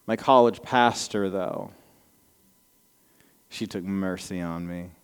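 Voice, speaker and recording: A man in his thirties with a slight Southern American lilt preaches to a congregation in a casual storytelling way. His voice comes across smooth and resonant. The long reverb of a big church hall trails behind each phrase. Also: low-pitched, slow. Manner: conversational storytelling, self-deprecating asides. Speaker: pastor. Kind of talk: sermon with personal stories. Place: church sanctuary before a congregation.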